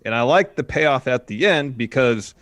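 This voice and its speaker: A man's voice: medium pitch, animated, normal speed, fairly bright tone, no room sound. Enthusiastic man, dry close sound. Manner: enthusiastic, gushing praise. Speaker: podcast co-host. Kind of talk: casual wrestling review chat.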